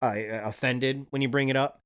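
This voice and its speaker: A male host speaks in a loose, unscripted monologue, earnest and a little rambling. His voice sits at an ordinary middle pitch, and he swears casually while circling back over his own words. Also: steady tone, normal speed, clear, resonant tone. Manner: earnest, profane, rambling with restarts. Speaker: self-help video host.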